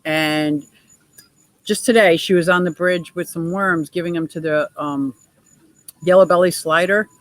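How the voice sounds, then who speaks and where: A woman's voice: fairly low pitch, steady tone, unhurried, no room sound, poor audio. A middle-aged woman hosting a casual livestream chat, reading out viewer comments and laughing often. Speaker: livestream host.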